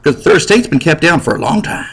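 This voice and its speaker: A man's voice: a little high, fast talker, breathy edge. Jokey male history teacher. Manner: jokey, animated, talks straight to the class. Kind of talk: lecture over slides.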